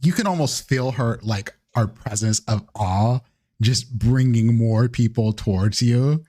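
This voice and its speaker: A man acting as game master, narrating a live-streamed tabletop game in a halting, filler-heavy way. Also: medium pitch, mellow.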